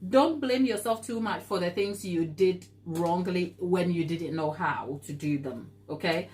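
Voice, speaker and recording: A woman's voice: fairly low pitch, unhurried, a little mellow, a little hiss or hum. A woman hosting a live baking stream, talking earnestly and encouragingly as she answers viewer comments, laughing easily. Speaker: baking show host.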